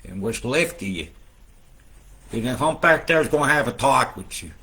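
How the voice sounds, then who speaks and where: A man hosting a casual, rambling weather update, swearing often and swinging between loud outbursts and low muttering. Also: lively intonation, moderate pace, husky. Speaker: weather video host.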